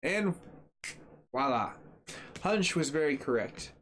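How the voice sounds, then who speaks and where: At his home PC setup, a gaming channel host tests a graphics card, rambling and joking sarcastically with lots of fillers. His voice is a little high, animated and fairly bright, he speaks slowly, and there's slight hiss or hum.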